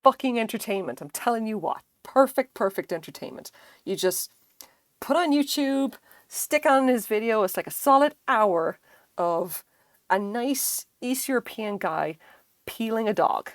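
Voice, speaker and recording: A woman's voice: fairly high pitch, expressive, measured pace, no echo. A woman streaming live, chatting casually and rambling while she crochets, with lots of fillers and casual swearing.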